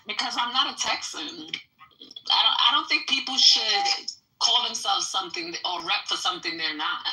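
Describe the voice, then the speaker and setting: Teasing new lady laughing through a podcast chat, bright voice, a bit off mic. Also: mid-range voice, normal speed, far from the mic, poor audio. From New York. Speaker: podcast co-host. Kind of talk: casual banter.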